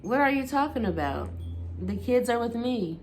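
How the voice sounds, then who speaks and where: A woman's voice: deep voice, normal speed, creaky, darkish tone, a little hiss or hum. A woman reading the lines of a smug man who mocks with feigned innocence. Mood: mocking. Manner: cool, mocking innocence.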